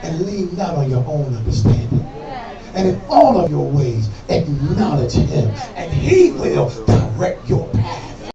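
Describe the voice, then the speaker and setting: A man preaching a sermon as pastor, in call-and-response style that climbs into shouting. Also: fairly high pitch, sing-song, a little slow, vocal fry, recorded from a distance, muffled recording. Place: church sanctuary. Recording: echoey church room, voice from afar. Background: congregation responding, organ music.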